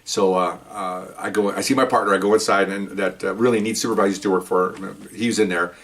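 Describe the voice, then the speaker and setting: An older man, a retired police officer, telling a story casually and jumping up in pitch as he acts out the dialogue. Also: fast talker. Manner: animated, jumps up in pitch when acting out dialogue. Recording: voice picked up from a distance.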